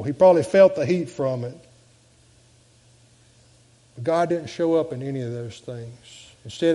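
A man preaching a sermon as pastor, swinging between loud and soft delivery. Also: a little high. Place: church sanctuary. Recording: long church reverb.

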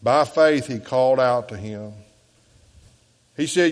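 A man with a Southern US accent preaching a sermon as pastor, earnestly swinging between raised appeals and hushed, slow quotations. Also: medium pitch, big-room sound. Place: church sanctuary.

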